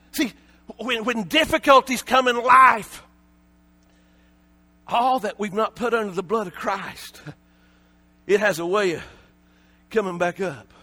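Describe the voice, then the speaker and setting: A man preaching a sermon with passion, often raising his voice to a shout and repeating words in quick bursts. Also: very high-pitched.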